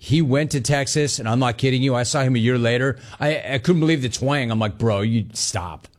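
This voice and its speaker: A middle-aged man hosts a sports call-in show with loose, joking energy. He rattles through stories and banter at an everyday pitch. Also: fast talker. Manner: animated, jokey storytelling. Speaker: sports radio host. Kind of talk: casual call-in radio talk.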